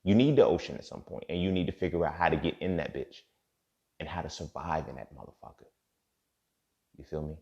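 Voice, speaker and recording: A man's voice: extremely low pitch, a little fast, creaky, long pauses, warm tone. A man hosting a casual motivational monologue, talking in profane street slang and often asking "you feel me". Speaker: podcast host. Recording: dull lo-fi recording.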